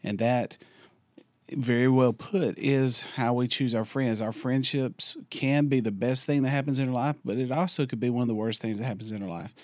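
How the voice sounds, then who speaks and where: A youth pastor, a man whose voice is nearly gone, speaking quietly and unhurriedly as he introduces a church podcast. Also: mid-range voice, normal speed, no room sound. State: hoarse, lost voice.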